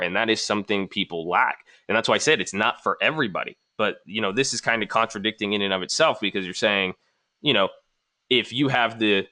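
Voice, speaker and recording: Bright-toned man rebutting viewer comments. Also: lowish voice. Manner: argumentative, reads viewer comments aloud and rebuts them. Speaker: trading channel host responding to comments. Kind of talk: casual talking-head response video.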